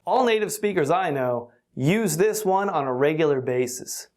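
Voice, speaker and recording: An English teacher giving an online lesson, explaining deliberately and laughing now and then. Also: mid-range voice, expressive, a little mellow.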